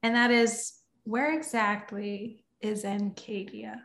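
A woman hosting a podcast, asking questions in a measured, amused way. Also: medium pitch, little pitch movement, a bit bright, roomy sound, slight background noise. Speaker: podcast host. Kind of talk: casual interview chat.

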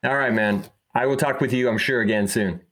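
A man's voice: medium pitch, brisk, fairly bright tone. A man hosting a podcast, thanking his guest in a friendly, rambling way. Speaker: podcast host. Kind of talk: casual interview chat.

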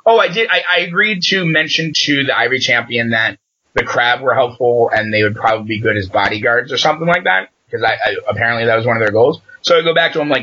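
A man in casual chat, recapping a game session as an animated storyteller who acts out the dialogue he quotes. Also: medium pitch, fairly quick, muffled recording.

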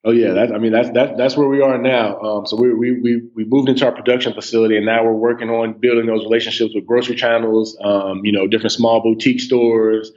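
A man in his thirties talking as a guest on a casual podcast, relaxed, with many restarts and "you know"s. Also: mid-range voice, fast, hardly any pauses, highs cut off. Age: 30s. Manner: laid-back, stammers on restarts, says "man" and "you know" a lot. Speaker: podcast guest, snack company co-owner.

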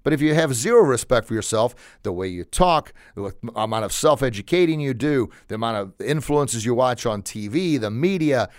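A man's voice: mid-range voice, expressive, moderate pace, few pauses, no room sound, studio quality. A man hosting a show, giving a motivational talk in an emphatic coaching tone and repeating phrases for emphasis. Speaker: podcast host.

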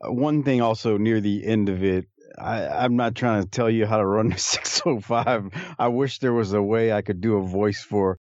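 A man's voice: fairly low pitch, normal speed, a little mellow, no room sound, lo-fi sound. A man co-hosting a casual podcast, talking in a rambling, amused way with frequent restarts. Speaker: podcast co-host. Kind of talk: casual chat.

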